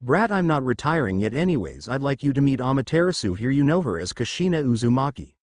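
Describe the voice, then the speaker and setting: A man voicing a gruff, teasing older woman leader in plain reading voice. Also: medium pitch, sing-song, fast, no room sound, clean studio sound.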